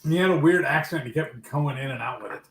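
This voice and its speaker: A man's voice: on the high side, quick pace. A man co-hosting a live cooking stream, making dry, offhand remarks. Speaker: cooking show co-host. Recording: echoey room, faint noise, off mic.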